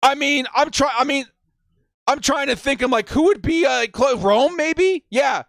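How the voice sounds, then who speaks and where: Hyped high-voiced man streaming live. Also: unhurried, creaky, no room sound, clean studio sound. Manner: hyped, shouting and whooping. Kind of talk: excited live-stream reaction.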